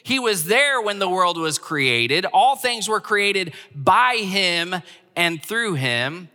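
A man's voice: sits high, big pitch swings, slow, pushed and bright, big-room sound. A man preaching a sermon as pastor, earnestly repeating key phrases for emphasis.

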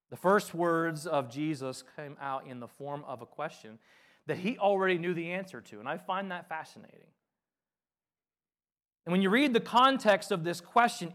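Male pastor, sermon delivery, slightly high voice, big swings between loud emphasis and hushed asides. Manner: swings from loud emphatic reading to quiet, softly spoken asides.

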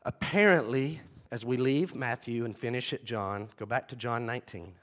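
A man's voice: medium pitch, normal speed, a bit bright. A man preaching a sermon, retelling scenes dramatically and acting out the voices of the people in them. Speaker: pastor.

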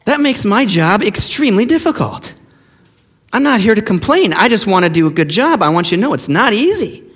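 A man's voice: high-pitched, very animated, a little fast, fairly bright tone. A middle-aged man preaching a sermon as pastor, emphatic and mocking as he acts out quoted voices. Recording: long hall reverb.

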